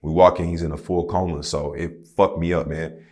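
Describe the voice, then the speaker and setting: A man in his thirties with a very low, deep voice tells a personal story as a podcast guest. He talks loosely and candidly, dropping slang and the odd curse word. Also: flat delivery, moderate pace, darkish tone. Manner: candid, profane storytelling with slang like "bro" and "you feel me". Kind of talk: casual conversation.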